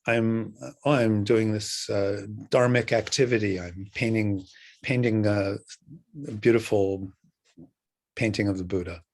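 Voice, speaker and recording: An older man voicing a perplexed young monk student in a story he tells, eager and puzzled, a little higher than his own voice. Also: fairly even intonation, measured pace, darkish tone. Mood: earnest.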